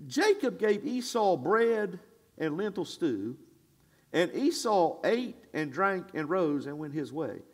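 A male pastor preaching a sermon in a church, swinging from shouted declarations to hushed asides in a folksy, conversational way. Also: sits high, sing-song. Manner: conversational, drawn-out and folksy, with audience call-and-response.

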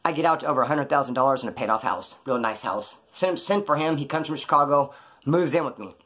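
A man's voice: medium pitch, expressive, fast talker, fairly bright tone. A man telling his own prison and street stories in a slangy, profane way, acting out the people he quotes. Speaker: former inmate telling his story. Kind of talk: casual storytelling.

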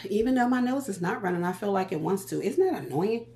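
A woman, chatting in a casual vlog with animated, profane storytelling. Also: mid-range voice, a little fast. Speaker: vlogger. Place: walking around.

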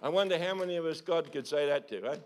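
A man, a pastor preaching a sermon in a church service, urging his listeners with repeated calls and quick tag questions. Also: a little high.

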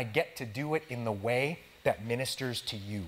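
A man gives a sermon in a relaxed, conversational tone, speaking straight to the congregation as if chatting with friends. His wording is casual and slangy, and his pitch sits in the middle of a man's range. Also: moderate pace, hardly any pauses. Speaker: pastor.

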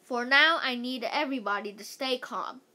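A woman's voice: high-pitched, normal speed, sharp tone. A woman voicing a male school principal in a read-aloud storybook, speaking firmly and reassuringly.

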